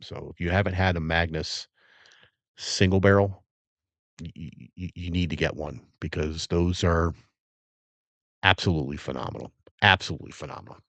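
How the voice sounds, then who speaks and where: A middle-aged bourbon livestream host from the Virginia area chats in a relaxed, rambling way, savoring and reacting to each sip. His voice is very low, his pace moderate with long pauses. The recording is dry and close, with no room sound.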